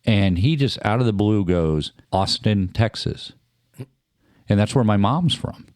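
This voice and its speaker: Deep-voiced man telling a chatty story. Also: animated, normal speed, a little mellow, dry recording, studio quality. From Germany. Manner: chatty storyteller, explains things. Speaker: co-host. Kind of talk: casual chat, anecdote telling. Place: radio studio.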